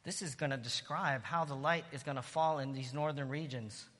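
A man's voice: medium pitch, moderate pace. Preaching man in an echoing hall. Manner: rises to loud exclamations of praise. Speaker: pastor. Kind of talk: sermon.

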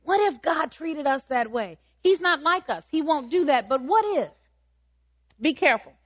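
A high-pitched woman preaches in an emphatic, questioning way, pressing the congregation again and again. The sound is a little dull and lo-fi. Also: expressive, normal speed. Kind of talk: sermon.

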